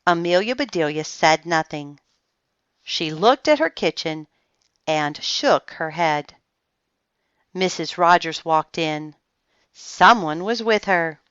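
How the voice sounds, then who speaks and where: Slow, expressive woman reading a kids' book. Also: on the low side, clean tone, no room sound, highs cut off. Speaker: storybook reader. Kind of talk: children's book read-aloud.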